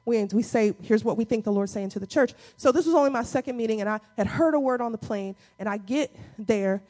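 A woman's voice: fairly high pitch, brisk, darkish tone. A woman pastor preaching a conversational sermon, acting out quotes as she goes.

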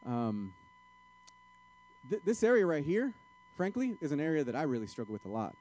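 A male pastor delivers a conversational sermon, shifting from soft, confessional passages to emphatic, exhorting appeals. His voice sits a little high, with big swings in pitch, at a moderate pace.

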